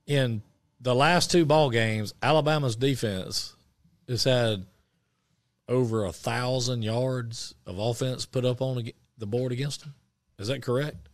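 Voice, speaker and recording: Man, sports talk co-host, halting, rambling, medium pitch, dry close sound. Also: no room sound. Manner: rambling, halting, many restarts. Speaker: radio show co-host. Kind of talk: casual sports chat.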